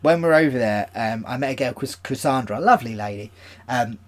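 A man's voice: mid-range voice, expressive, fast. A young man co-hosting a podcast, telling stories in casual chat, laughing often and using lots of fillers. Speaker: podcast co-host.

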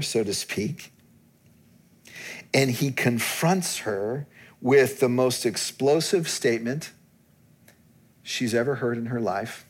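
A man preaching a sermon, dropping to quiet and then rising to emphatic peaks. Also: mid-range voice, slow pace, long pauses, breathy edge. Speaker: pastor.

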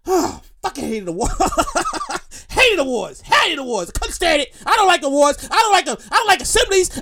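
A man from Brooklyn with a New York accent, hosting a podcast and telling profane, repetitive stories in a casual monologue. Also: very high-pitched. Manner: animated, profane, repetitive storytelling. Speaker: podcast host.

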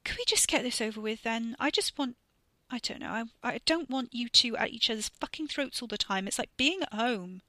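A woman's voice: on the high side, animated, brisk, pushed and bright, no echo, voice pushed up. A woman voicing an upset young woman who mumbles through tears in a thick voice. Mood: tearful. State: tearful.

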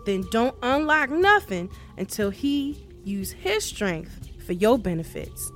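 A woman's voice: fairly high pitch, big pitch swings, slow pace, soft background music. A woman doing a sly, coaxing devil. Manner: coaxing, confiding. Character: sly, scheming male devil.

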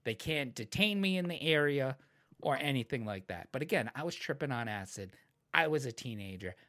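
A young man in casual podcast chat, telling a wild story with lots of swearing and shouted, acted-out quotes. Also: medium pitch, lively intonation, a little fast. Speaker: podcast co-host.

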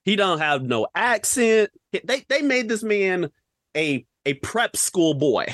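A young man rants about films on a podcast, firing off rhetorical questions in casual slang. His pitch swoops up and down with a lot of life, and the close mic sounds dry with no room echo. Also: slow pace. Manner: animated, ranting, rhetorical questions, slang-heavy. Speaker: podcast co-host. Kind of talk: casual film-review rant.

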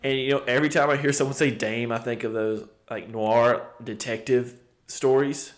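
A man co-hosting a casual podcast, chatty and giggly, trying out accents and quick jokes. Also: mid-range voice, steady tone. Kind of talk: casual chat.

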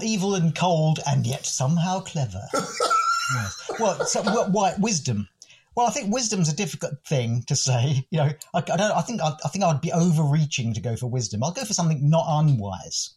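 A man's voice: on the high side, a little mellow, slight background noise. An English man, a guest who is an educator and comedic speaker, telling reflective stories in a thoughtful, wry and self-deprecating way. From United Kingdom. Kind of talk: reflective conversational storytelling.

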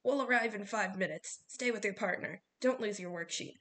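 A woman voicing a gruff, bossy male coach who barks orders at teenagers in a storybook reading. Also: mid-range voice, normal speed, fairly bright tone, natural voice. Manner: barking, bossy.

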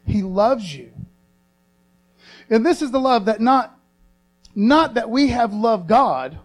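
A man preaching a sermon, repeating phrases slowly for emphasis and asking for amens. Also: expressive. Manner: call-and-response, asks congregation for affirmation. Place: church sanctuary. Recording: low mains hum.

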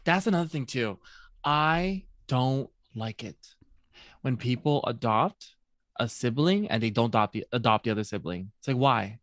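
A woman chatting casually on a podcast, expressive and quick to laugh. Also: a bass voice, no echo, clean studio sound. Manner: expressive, laughs often, reacts loudly. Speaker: podcast co-host. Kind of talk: casual chat.

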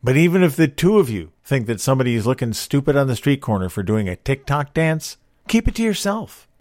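A man hosts a monologue of everyday advice, making his points emphatically and firing off rhetorical questions. His voice sits at an ordinary middle pitch. The recording is dry and close, with no room sound. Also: sing-song, brisk, a little mellow, dry recording. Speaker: host.

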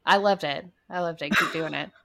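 A woman from North Carolina, co-hosting a podcast and chatting casually, who teases her co-host with quick joking interjections. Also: low voice, creaky, a bit bright, no echo, clean studio sound. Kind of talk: casual chat.

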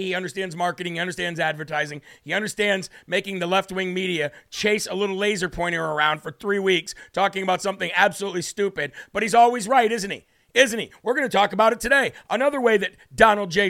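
A man's voice: high voice, gravelly, bright, forceful tone. A man hosting a live political commentary stream, talking in an emphatic, fired-up way and reading out comments from the live chat. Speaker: political livestream host.

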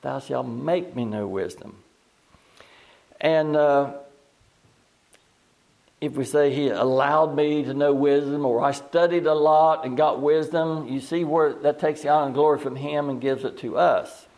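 A man teaching a Bible study in a folksy, halting way, reading scripture slowly. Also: a little high, steady tone, a little mellow. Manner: folksy, plain-spoken and halting.

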